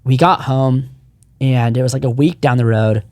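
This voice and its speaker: A man's voice: mid-range voice, normal speed, darkish tone, dry recording. Earnest rambling man, dry sound. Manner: earnest, rambling with frequent restarts. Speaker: podcast co-founder. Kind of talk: personal storytelling in casual chat.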